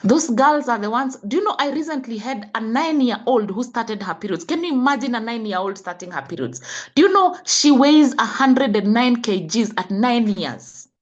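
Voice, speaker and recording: This is a middle-aged woman with a Kenyan accent, speaking as a health coach. She lectures parents in a preachy, scolding way and fires off rhetorical questions. Her voice sits a little high and leaps around with lively, animated pitch. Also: moderate pace, muffled recording. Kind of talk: impassioned talk.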